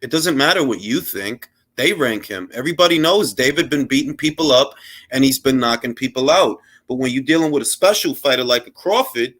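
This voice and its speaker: A man's voice: mid-range voice, fairly bright tone. Heated, profane man ranting about boxing. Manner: profane, heated and mocking, swears often; slangy, drops into bits of Spanish slang. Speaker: boxing livestream host. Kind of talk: casual livestream rant.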